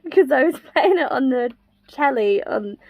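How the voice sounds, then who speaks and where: A woman's voice: high voice, expressive, normal speed, dry recording, highs cut off. A woman telling a story in a chatty, giggly way at home. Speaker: vlogger. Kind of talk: casual vlog storytelling.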